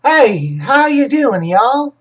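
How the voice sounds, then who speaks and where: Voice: high-pitched, sing-song, takes it slowly, fairly bright tone, breathy edge, voice pushed up, exaggerated voice, poor audio. A video game streamer voicing a friendly character in a put-on Southern US drawl, as a playful accent demo.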